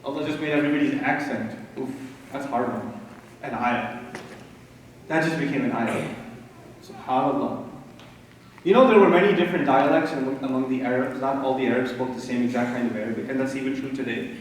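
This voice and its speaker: A man from Pakistan giving an animated religious lecture, emphatic and full of rhetorical questions and dry humor. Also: medium pitch, fairly quick, slight background noise. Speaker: Islamic lecturer. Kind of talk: lecture to a live audience. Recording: echoey hall recording from far off.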